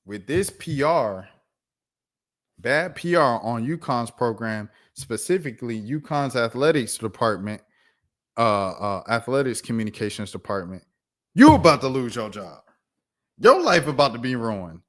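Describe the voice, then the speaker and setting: A young man runs his own sports commentary show, reading news stories aloud and then launching into heated, disbelieving rants. He talks in casual slang and keeps tossing in "bro" as he gets worked up. His voice sits at an ordinary middle pitch for a man. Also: normal speed. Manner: animated, incredulous rants with slang and repeated "bro". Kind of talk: reacting to news while reading articles aloud.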